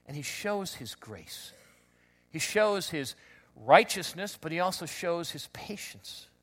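A man preaching a conversational sermon, telling stories with lots of restarts and animated asides. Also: a little high, takes it slowly. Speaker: pastor.

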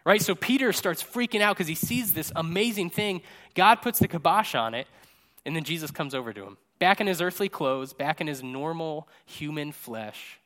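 Chatty joking male pastor, slightly high. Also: animated, moderate pace, a bit bright. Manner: chatty and jokey, tags lines with "right?". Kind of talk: casual conversational sermon. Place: church service. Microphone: microphone.

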